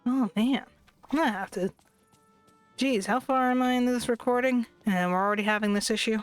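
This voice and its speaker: A woman's voice: a little high, a little fast, clean tone, dry recording, faint music behind. A woman chatting casually through a let's play, grumbling about lag and joking at her own expense, recorded on a desk microphone. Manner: chatty, complaining about lag, self-deprecating. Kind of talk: casual game commentary. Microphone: desk microphone at a computer.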